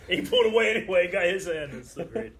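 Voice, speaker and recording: A man's voice: high voice, lively intonation, brisk, a bit bright. A young man in a casual movie discussion, chatty and retelling behind-the-scenes trivia. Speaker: show co-host, movie reactor.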